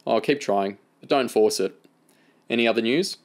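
A man reading the lines of a calm, dry-humoured adult handler, speaking in a steady, level, lightly amused way. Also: medium pitch, normal speed, natural voice.

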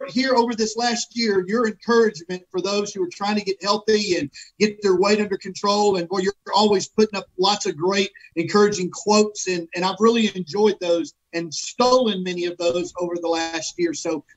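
A man co-hosting a casual morning radio show, encouraging and warm toward friends he names. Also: high-pitched, fairly even intonation, moderate pace, hardly any pauses, husky, poor audio. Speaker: radio co-host.

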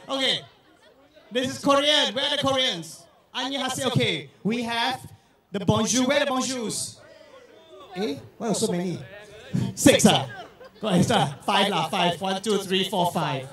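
A man hosting a crowd game on stage with lots of energy, shouting and repeating words quickly over the crowd. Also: extremely high pitch, far from the mic. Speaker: event host. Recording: echoey hall, heard from afar.

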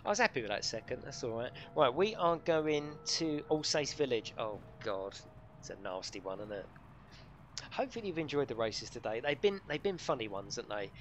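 A man's voice: medium pitch, big pitch swings, brisk, muffled recording, a little hiss or hum. A middle-aged man, live-streaming a racing game and bantering and swearing with his chat. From United Kingdom.

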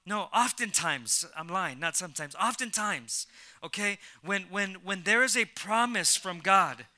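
A man preaching an energetic sermon to a church congregation, prompting the crowd to repeat lines and often restarting his words, swinging from soft asides to loud calls. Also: high voice. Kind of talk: energetic sermon with call and response. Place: church service before a congregation.

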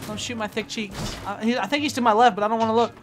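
A woman's voice: fairly high pitch, fairly even intonation, fast. A woman chatting crudely and jokingly while playing a shooter game with friends. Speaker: gamer. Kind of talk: casual gameplay chat.

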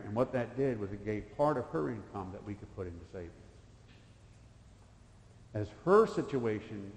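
A man's voice: lowish voice, darkish tone. A man in his fifties preaching a sermon in a church, telling a personal story in folksy speech that swells into emphatic bursts. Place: church sanctuary. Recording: echoey church hall.

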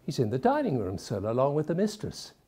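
A young serving girl, as a man puts her on. She speaks politely and with deference, in a light, soft voice. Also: medium pitch, huge pitch swings, fairly quick, slightly rough, pitched above the performer's own voice. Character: young female household maid, polite.

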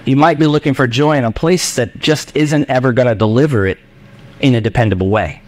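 Man, pastor, lively sermon, jokey asides, acts out his listeners, church. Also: mid-range voice, brisk. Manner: animated, jokey, acts out voices of the congregation.

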